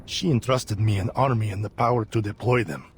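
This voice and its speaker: A man's voice: fairly low pitch, fairly quick, a little hiss or hum, close to an everyday voice. A man voicing a ruthless army general. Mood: hard. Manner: curt, threatening. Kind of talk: game voice acting.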